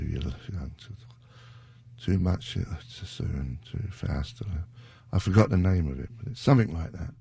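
A man hosting a music radio show with a gravelly, husky voice, rambling and chuckling between song titles in a radio studio. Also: low voice, warm tone, no room sound. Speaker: radio DJ host. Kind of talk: casual radio chat.

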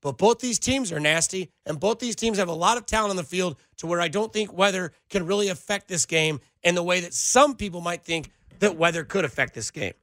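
A man's voice: sits high, a little fast, few pauses, a bit bright, no room sound. A man hosting sports talk radio, sarcastic and ranting as he answers listener texts. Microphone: studio microphone.

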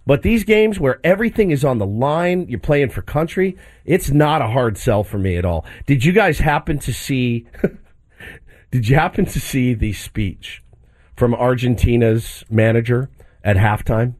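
A man's voice: medium pitch, measured pace. A man hosting a sports talk show, chatting enthusiastically and jokingly about a match. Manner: enthusiastic, animated, jokey. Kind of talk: casual sports chat.

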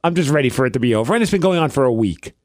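A man co-hosting a podcast, telling a casual story in an animated way, acting out the quoted lines and poking fun at himself. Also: mid-range voice, rapid-fire, dry recording, studio quality. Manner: animated, acts out quoted lines, self-mocking. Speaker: podcast co-host.

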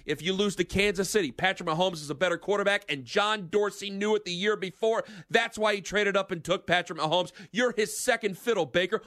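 High-voiced fired-up sports radio host. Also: male voice, a little fast, few pauses, a bit bright, no room sound, studio quality. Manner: emphatic, ranting, fired-up. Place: radio studio. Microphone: studio microphone.

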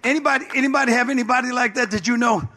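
A man's voice: very high voice, fairly even intonation, racing, bright, forceful tone, soft background music. A man pastor preaching a sermon with emphatic, repetitive call-outs to the congregation.

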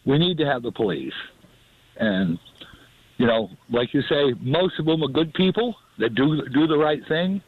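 A man's voice: a little high, expressive, moderate pace, no room sound. A man calling in to a radio show, talking in an earnest, rambling way. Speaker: caller. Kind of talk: call-in chat. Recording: tinny dry phone line.

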